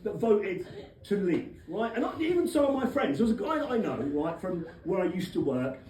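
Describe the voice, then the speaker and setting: A man's voice: sits high, very animated, brisk, darkish tone. An English man doing a rowdy, cheeky stand-up set in a comedy club and teasing the crowd, with the audience laughing. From England. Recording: echoey club from far off, crowd noise.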